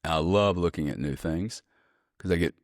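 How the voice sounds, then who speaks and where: A man guest on an interview podcast, telling stories in a blunt, profane, animated way. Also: deep voice, moderate pace, no echo, studio quality. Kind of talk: casual storytelling interview.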